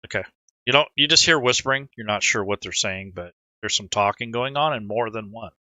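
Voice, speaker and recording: A man acting as game master in an online tabletop game, narrating scenes in a relaxed, rambling way and talking players through the rules. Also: lowish voice, a little fast, dry recording, dull audio.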